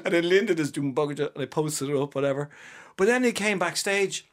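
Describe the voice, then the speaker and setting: A man, a comedian guest, telling lively anecdotes and acting out quotes. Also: a little high, fairly quick. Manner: animated storyteller, acts out quotes.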